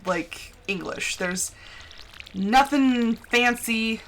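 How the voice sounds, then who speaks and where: A woman's voice: fairly high pitch, extremely slow, fairly bright tone, a little hiss or hum. A young woman with a General American accent, from the central United States, chatting casually on a gaming stream from home into a close mic, giggling often. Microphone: close desk mic.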